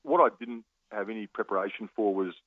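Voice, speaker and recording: An Australian man in his fifties tells his football stories over the phone at a quick clip, often stopping to restart a sentence. The line is thin and tinny, and the sound is dry with no room around it. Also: fairly low pitch, no room sound. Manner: animated storyteller with many restarts and laughs. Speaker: guest, former footballer. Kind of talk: radio interview, storytelling.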